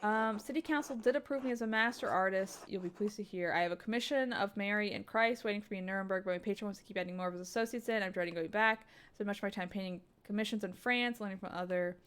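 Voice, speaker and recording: A woman's voice: mid-range voice, quick pace, hardly any pauses, a bit bright, clean tone, natural voice. A woman voicing a proud, defiant young male artist with curt, sarcastic retorts. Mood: resentful.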